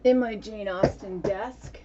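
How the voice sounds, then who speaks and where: A woman's voice: medium pitch, takes it slowly, lo-fi sound, heavy background noise. A woman vlogger chatting casually about books and journals, rambling with lots of fillers and restarts. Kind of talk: casual chat.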